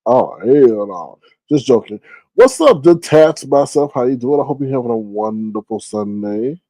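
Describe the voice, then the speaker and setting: A man hosts a casual livestream, chatting and storytelling in a gossipy, profane manner. His pitch leaps all over the place and his voice is warm and mellow. The sound is dry and close. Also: normal speed, no echo. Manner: animated, profane, gossipy, with big pitch jumps when quoting. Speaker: livestream host.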